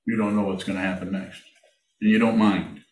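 Deep-voiced man teaching in an echoey hall. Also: steady tone. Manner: slow, halting, repeats phrases. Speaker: meditation teacher. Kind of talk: Q&A in a dharma talk. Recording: echoey room from far off.

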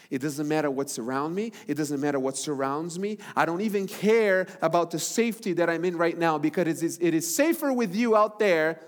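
A man preaching a sermon as pastor, swinging from loud, high-pitched calls to hushed, low passages. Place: church sanctuary. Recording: large hall with long reverb and music.

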